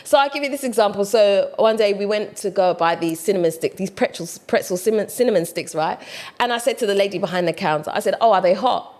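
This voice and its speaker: A woman with a British accent, talking casually to camera in a chatty, animated way. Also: medium pitch, quick pace. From United Kingdom. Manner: chatty, animated, mimics other voices. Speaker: vlogger.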